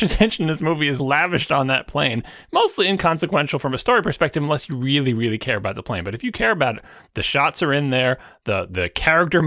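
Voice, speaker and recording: A man with a bright, slightly high voice analyzes a film in a podcast chat. He lists points and adds dry asides. The recording is dry and close. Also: dry recording. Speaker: podcast co-host. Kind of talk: casual film discussion.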